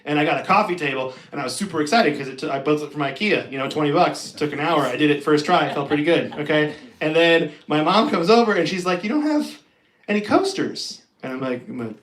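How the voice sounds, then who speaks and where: A young male comedian works through a live-streamed stand-up set in a casual, self-deprecating way, often breaking into laughter. His voice sits a little high for a man, and the audio carries a noticeable room echo. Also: quick pace, a bit bright. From Pacific Northwest of the US. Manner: self-deprecating, conversational, laughs between jokes.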